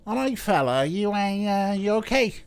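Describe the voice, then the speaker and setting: A man's voice: very high voice, sing-song, a little fast, a little mellow, clean tone, voice pushed up. A man voicing a friendly, well-meaning male police officer who speaks in a chummy, reassuring way.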